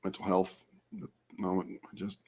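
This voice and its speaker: A man's voice: sits low, completely flat delivery, moderate pace, a little mellow. A man on a casual late-night livestream from home, rambling and hesitant with lots of fillers, chatting to viewers by name.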